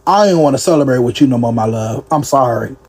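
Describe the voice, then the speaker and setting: A man giving casual reaction commentary in an animated, mocking way, laughing often. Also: mid-range voice, fast talker, slightly rough.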